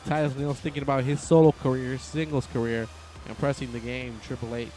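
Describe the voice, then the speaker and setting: A man giving casual, excitable play-by-play commentary on a wrestling video game, rambling and often correcting himself. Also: medium pitch, fairly quick, faint music behind.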